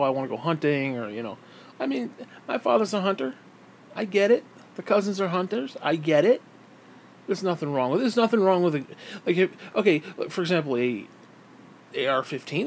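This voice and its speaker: A man's voice: a little high, slight background noise. A man giving a heated, exasperated political rant to camera, swearing freely. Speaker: vlogger.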